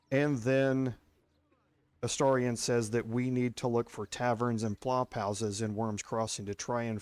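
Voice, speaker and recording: A man's voice: mid-range voice, dry recording. A man with a Texas accent giving casual, step-by-step commentary while playing a video game. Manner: chatty, explains step by step. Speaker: gameplay streamer.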